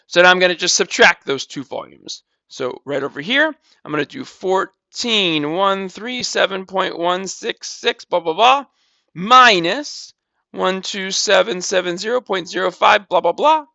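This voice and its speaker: A man teaches math in a casual, step-by-step manner, repeating figures as he works through them. His voice sits high and bright. The recording is dry and a little dull. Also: expressive, a little slow, creaky, no echo. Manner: talks through calculations step by step, casual, repeats numbers, says "blah, blah". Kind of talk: recorded math lesson walkthrough.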